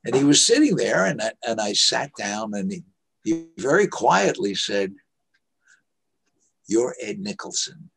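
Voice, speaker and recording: A man's voice: mid-range voice, big pitch swings, gravelly. An older man, a veteran actor, telling anecdotes in an interview and acting out the voices of people he quotes. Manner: slow, anecdotal, acts out quoted voices, chuckles. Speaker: actor guest. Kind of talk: storytelling interview.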